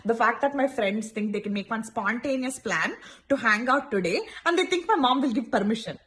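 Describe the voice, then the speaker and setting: Young woman, sarcastic comic rants, kinda high voice, very animated. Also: brisk. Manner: animated, sarcastic, breaks into acted quotes and yelling. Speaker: comedy sketch creator. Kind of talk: comic monologue sketches.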